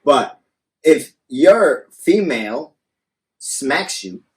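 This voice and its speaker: A man's voice: mid-range voice, very animated, drawn-out words. Male podcast co-host, mid-range voice, casual and foul-mouthed, talks close to a studio mic. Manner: blunt and profane, acts out hypothetical arguments.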